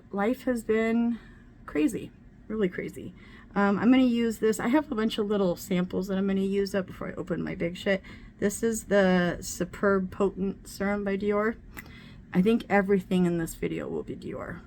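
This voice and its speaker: A woman's voice: medium pitch, darkish tone, slight background noise. A middle-aged woman vlogging casually at home while doing her makeup, talking candidly and swearing freely. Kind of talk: casual get-ready-with-me chat.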